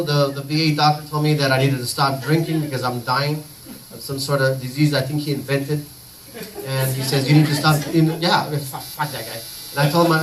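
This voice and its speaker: A man doing a rambling, crude stand-up comedy set full of profanity on a comedy club stage. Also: a little high. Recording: distant mic, noisy live recording.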